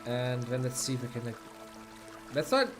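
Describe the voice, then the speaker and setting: A man's voice: medium pitch, very animated, normal speed, faint music behind. German-accented man streaming a game. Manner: chatty, laughs often, thinks aloud. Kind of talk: casual gameplay commentary.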